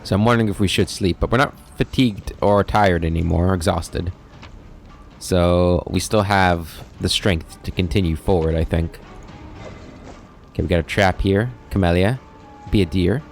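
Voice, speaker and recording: A man's voice: low voice, normal speed, vocal fry, faint music behind. A man hosting a let's play, thinking aloud and reading game text as he plays. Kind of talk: gameplay commentary.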